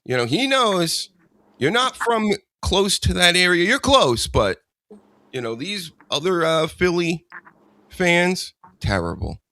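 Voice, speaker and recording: A man's voice: high-pitched, big pitch swings, slow, pushed and bright, no room sound. A man hosting a casual comedy podcast, rambling and teasing his co-host in a joking way.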